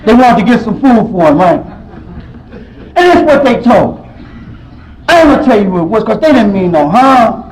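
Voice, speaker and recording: A man sharing his personal story at a recovery meeting, telling it with emotion, swinging from loud outbursts to quiet low stretches. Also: very animated, normal speed, long pauses, low-quality recording. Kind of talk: personal testimony.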